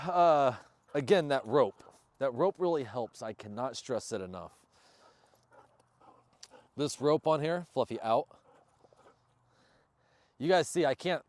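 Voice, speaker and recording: Man, dog trainer, casual outdoor vlog, chatty and upbeat, bursts of loud praise, dry close sound. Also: fairly high pitch, lively intonation, measured pace, long pauses, no echo. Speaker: service dog handler and trainer. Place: outdoors, yard or field. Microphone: camera on a stand nearby.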